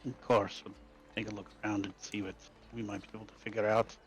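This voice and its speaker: A man playing a tabletop game, speaking in a polite, measured tone as an investigator. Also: on the low side, little pitch movement, muffled recording, faint music behind. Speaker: player. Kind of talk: in-character tabletop play.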